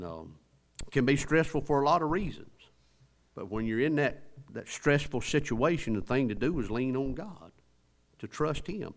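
A man preaching a sermon, reading scripture slowly and often asking the congregation questions. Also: fairly low pitch. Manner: reads scripture slowly, rises to emphatic exhortation.

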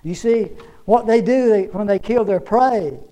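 A man's voice: high-pitched, a little slow, warm tone, poor audio. A man preaching a sermon in an emphatic, repetitive, folksy way, reading scripture and telling stories.

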